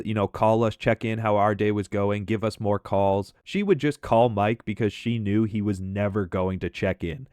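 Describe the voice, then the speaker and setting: A man casually telling funny stories about an old coworker as commentary over gameplay, talking in a lively, profane way. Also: fairly low pitch, no room sound. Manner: animated, profane, conversational. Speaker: gaming commentator and storyteller.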